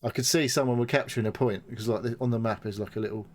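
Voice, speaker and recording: A man's voice: mid-range voice, fairly even intonation, very fast. A man co-hosting a podcast, chatting casually and rambling about a game, swearing freely and acting out what people said. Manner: rambling, swears a lot, acts out quotes. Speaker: podcast co-host. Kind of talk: casual gaming chat.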